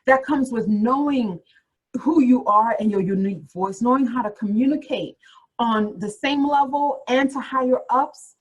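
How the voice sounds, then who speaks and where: Woman career coach, slightly husky tone, encouraging motivational webinar delivery, speaks straight to listeners. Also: on the high side, poor audio. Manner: encouraging, repeats phrases, addresses listeners directly.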